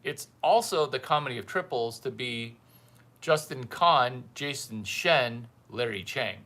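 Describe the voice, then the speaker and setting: A man's voice: medium pitch, lively intonation, measured pace, sharp tone. A man hosting a livestream as a mentor, talking to his viewers in a blunt, teasing way and repeating lines for effect. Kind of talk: casual livestream monologue.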